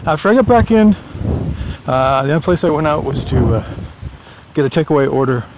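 Out on a morning walk, a middle-aged vlogger rambles casually with lots of "uh"s and small chuckles. His voice sits on the high side, with lively intonation and a slightly fast pace, and there's background noise.

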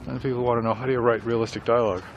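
In dull audio with faint traffic behind him, a middle-aged writer vlogger talks very fast while walking. His medium-pitched delivery is flat as he reflects casually on writing dialogue, rambling somewhat.

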